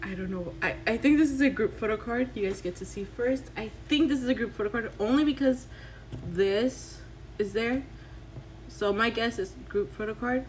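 Excitable high-voiced woman unboxing. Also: moderate pace, a little hiss or hum, rough recording. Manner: excitable, gushing, squeals in delight. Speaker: vlogger. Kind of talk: casual unboxing vlog.

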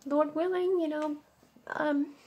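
A woman's voice: sits high, fairly even intonation, slow, dark tone, muffled recording. A woman delivering an earnest, emotional spoken prophecy, pleading with listeners and close to tears. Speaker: self-styled prophet.

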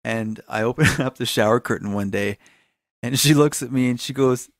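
A man's voice: medium pitch, moderate pace, dry recording, clean studio sound. A man in his thirties, a guest on a podcast, telling funny stories about his kids and laughing often. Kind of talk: casual chat.

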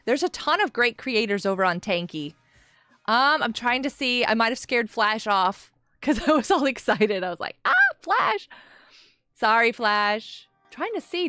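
A woman's voice: fairly high pitch, bright, forceful tone, dry recording. A woman hosting a live game stream, bubbly and gushing as she greets viewers in chat by name.

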